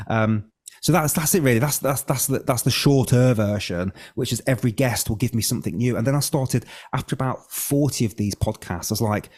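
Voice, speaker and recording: A man's voice: mid-range voice, quick pace, darkish tone. A man, a breath coach, telling his story as a podcast guest, candid and casual, sometimes swearing and acting out his own past thoughts.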